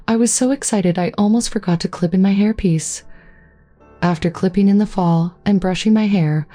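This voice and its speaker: A woman narrating a first-person story in a steady, even reading voice. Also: lowish voice, no echo.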